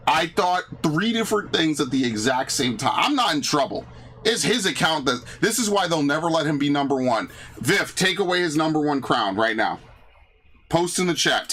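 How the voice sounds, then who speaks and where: Exasperated New streamer ranting. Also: male voice, a little high, a bit bright. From New York. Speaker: game streamer. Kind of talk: live game stream commentary.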